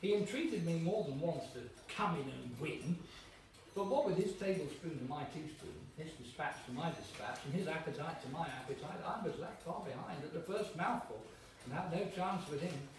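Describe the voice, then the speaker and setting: A man giving a live reading at an evening event in a gallery, animated and stopping for fillers and restarts as he explains. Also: on the high side, normal speed. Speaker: reader. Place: gallery room. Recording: echoey room, mic at a distance, faint noise.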